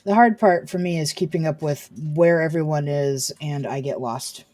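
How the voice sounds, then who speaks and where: A woman's voice: low voice, moderate pace, a little mellow, dry recording. A middle-aged woman streaming a video game in casual chat, who often mumbles asides to herself. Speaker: gameplay streamer. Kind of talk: casual let's-play chat.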